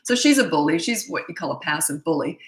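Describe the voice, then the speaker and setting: A middle-aged parenting coach answers viewer questions in a casual live Q&A, blunt, emphatic and repetitive. She has a deep, animated voice and a quick pace, heard in an echoey room on a rough recording.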